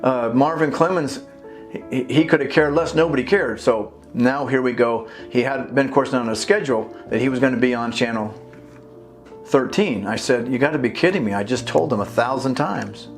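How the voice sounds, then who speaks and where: A man's voice: medium pitch, normal speed. Indignant man telling a rambling story. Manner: rambling, indignant, acts out dialogue with restarts. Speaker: video blogger and activist. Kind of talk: casual storytelling monologue. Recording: faint guitar music behind.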